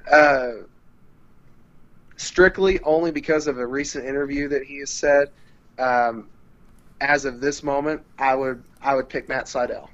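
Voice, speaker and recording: A man talks casually, mid pitch, quick to mock exasperation and playful cursing. The recording sounds a little dull and lo-fi, as on a home podcast. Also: fairly even intonation. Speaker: podcast co-host. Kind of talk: casual chat.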